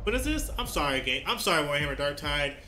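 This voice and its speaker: A man's voice: fairly high pitch, big pitch swings, fast. A male streamer ranting and swearing in a live reaction stream. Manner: ranting and profane. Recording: music playing behind.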